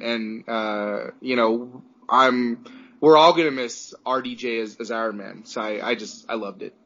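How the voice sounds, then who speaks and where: A man chats as a podcast co-host, mid-pitched and heartfelt. He rambles and restarts his sentences often, and the sound is dull and lo-fi. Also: a bit bright. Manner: emotional, rambling with many restarts. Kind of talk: casual chat.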